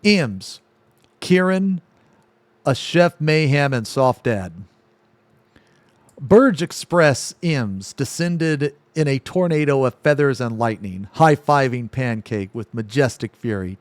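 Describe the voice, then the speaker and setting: Slow-reading male streamer, dry sound. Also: medium pitch, lively intonation, dry recording. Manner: reads haltingly, breaks off to laugh and comment. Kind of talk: reading a silly story aloud on stream.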